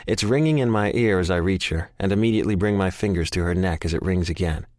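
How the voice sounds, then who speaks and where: A man's voice: sits low, quick pace, darkish tone, no room sound, studio quality. A man narrating a first-person audiobook in an intense, emotional way. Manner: intense, emotional, frequent swearing.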